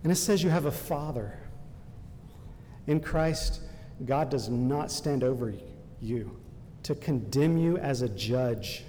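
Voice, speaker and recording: A man pastor preaching a sermon earnestly, slowing down for emphasis and softening his voice for quotations. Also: medium pitch, in a large hall, a little hiss or hum.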